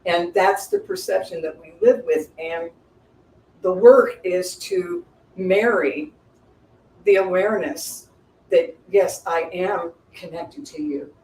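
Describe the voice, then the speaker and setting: Brief: woman guest teacher, thoughtful explainer, lively pitch, a bit off-mic in an echoey room. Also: slow pace. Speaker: guest speaker. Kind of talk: spiritual teaching. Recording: roomy, distant mic with faint noise.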